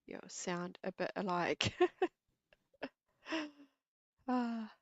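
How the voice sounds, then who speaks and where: A woman hosting a craft livestream chats and giggles with her viewers in a New Zealand accent, speaking extremely slowly in an animated, mid-range voice. The recording through her earpiece and desk mic is dry and muffled.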